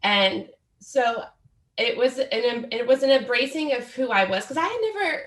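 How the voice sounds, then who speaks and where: A woman's voice: a little high, expressive, moderate pace, reverberant. A woman in her forties, a guest author telling her story in an earnest, reflective way during a podcast interview. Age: 40s.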